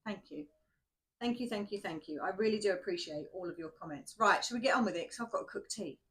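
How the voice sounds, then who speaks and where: A woman's voice: mid-range voice, quick pace, fairly bright tone. A woman, tired and shaky after night shifts, chatting casually and rambling to viewers before a tarot reading, laughing at herself. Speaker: tarot reader.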